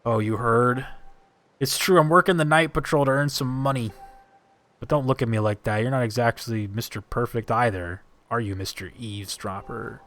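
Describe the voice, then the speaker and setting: A man's voice: medium pitch, normal speed, a bit bright, lightly acted. A man voicing a young male night guard, reading game dialogue aloud with a defensive, sly edge.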